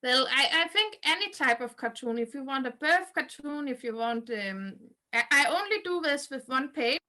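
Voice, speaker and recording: A woman's voice: high-pitched, lively intonation, normal speed, pushed and bright. A woman guest on a podcast over a video call, answering hesitantly with many restarts and fillers. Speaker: guest cartoonist. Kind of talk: interview answers.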